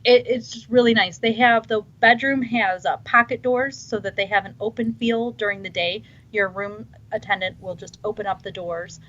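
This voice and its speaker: A woman's voice: mid-range voice, steady tone, moderate pace, hardly any pauses, a bit bright. A woman chatting casually on a podcast, enthusiastic and restarting her sentences often. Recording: dull lo-fi sound.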